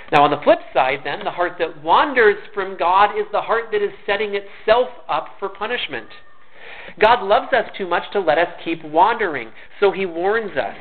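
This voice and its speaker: A man delivers a sermon in a slightly high voice, earnest and conversational, now and then stumbling over and repeating a word. The recording is thin and narrow, like a phone line. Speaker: pastor. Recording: tinny phone-like sound.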